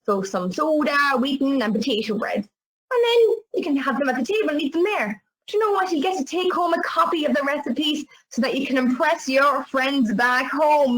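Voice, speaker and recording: A middle-aged Northern Irish woman presenting travel experiences, a lively, chatty storyteller. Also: high voice, moderate pace, poor audio. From Northern Ireland.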